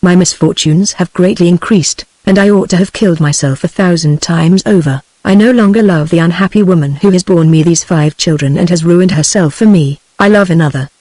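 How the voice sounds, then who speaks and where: A synthetic British woman reading the part of a desperate man, an outlaw poet both ardent and a little mad. The audiobook delivery stays flat and machine-made, and the audio is completely dry with no room sound. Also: fairly low pitch, a little fast, hardly any pauses, dry recording, close to an everyday voice. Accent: British English. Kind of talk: text-to-speech audiobook reading.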